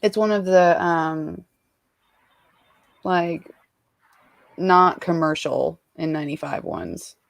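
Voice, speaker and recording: A woman's voice: low-pitched, expressive, slow pace, vocal fry, pauses often, dry recording. Blunt, cheeky woman in casual chat. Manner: blunt, cheeky, swears freely. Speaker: guest.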